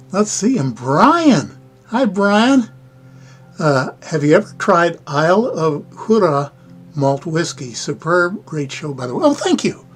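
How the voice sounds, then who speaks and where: An older man with a Midwestern American accent chats casually on his livestream, rambling along in a folksy way with chuckling asides. His voice sits a little high. Faint music plays behind him. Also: breathy edge. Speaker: livestream host. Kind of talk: casual live-stream chat.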